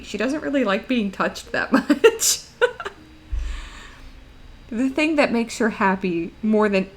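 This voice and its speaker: A young woman streamer chatting casually while she draws, laughing often as she talks. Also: a little high.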